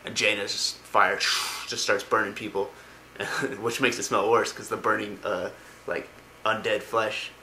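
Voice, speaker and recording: A man's voice: on the low side, little pitch movement, unhurried, bright, forceful tone, slight background noise. A man casually retelling video game lore, rambling with lots of ums and likes. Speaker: lore explainer.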